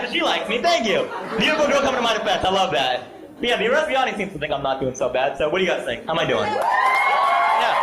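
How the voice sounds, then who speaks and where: An animated, high-voiced stand-up comedian works the crowd at a comedy club, self-deprecating and bantering with the live audience. The echoey live recording carries audience laughter and heavy background noise.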